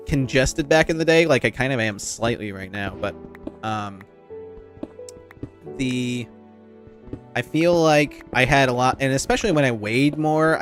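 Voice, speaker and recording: A man with a nasal voice and a slight lisp, chatting casually and rambling to his viewers while streaming a game. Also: medium pitch. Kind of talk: casual live-stream chat while gaming. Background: faint background music.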